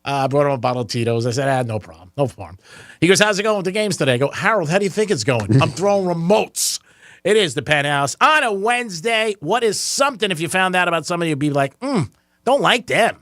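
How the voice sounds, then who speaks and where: Lively, joking talk radio host, man. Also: high-pitched, fast talker, no echo, studio quality. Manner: joking, excitable, laughs often. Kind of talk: casual talk radio banter. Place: radio studio. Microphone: studio microphone.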